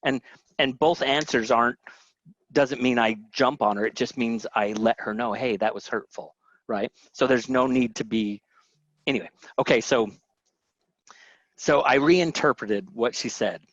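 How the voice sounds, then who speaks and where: A man's voice: medium pitch, measured pace, dry recording. Chatty man presenting over dull webinar audio. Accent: Southern American. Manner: chatty, self-interrupting storyteller who acts out quotes. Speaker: webinar presenter on family health. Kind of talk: casual teaching talk.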